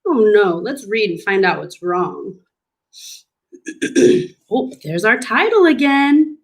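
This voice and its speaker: A woman's voice: medium pitch, big pitch swings. A woman reading a picture book aloud to young children as a speech clinician, teaching new words in an encouraging teacher voice. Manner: slow, sing-song, encouraging teacher talk with drawn-out words. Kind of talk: children's storybook read-aloud lesson.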